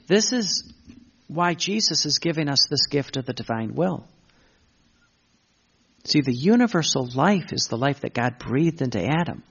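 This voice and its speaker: Male preacher, gravelly voice, husky tone, muffled low-fi recording, impassioned sermon. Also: fairly bright tone. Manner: impassioned, repeats himself and stumbles. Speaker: Catholic preacher.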